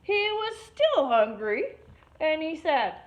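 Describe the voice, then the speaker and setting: Expressive woman reading a picture book. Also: sits high, slow pace. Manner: expressive, stops to explain words. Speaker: teacher. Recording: muffled lo-fi recording.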